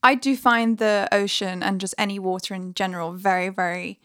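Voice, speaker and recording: A woman's voice: medium pitch, steady tone, brisk, a bit bright, no echo, studio quality. Playful English woman hosting. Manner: playful, teasing. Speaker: host. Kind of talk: casual chat.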